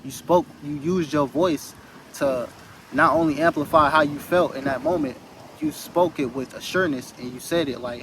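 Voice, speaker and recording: A man's voice: fairly high pitch, moderate pace, a bit bright, a little hiss or hum, poor audio. A man giving an earnest, rambling motivational talk into his phone outdoors, repeating phrases for emphasis. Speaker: spiritual vlogger.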